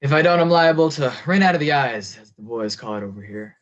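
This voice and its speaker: A homesick young soldier from 1918 writes home in a plain, earnest way, read by a man. His voice has a middle pitch. The sound is dull and muffled. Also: lively intonation, brisk, lightly acted. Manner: plain, earnest, a little wounded. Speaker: reader of historical letters. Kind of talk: dramatic letter reading. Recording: dull lo-fi recording.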